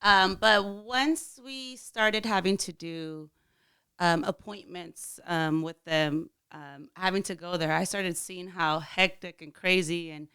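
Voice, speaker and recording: A woman guest on a casual podcast, born in Mexico and raised in the US, easygoing and quick to laugh. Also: on the low side, steady tone, sharp tone, smooth. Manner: giggly, easygoing, laughs often.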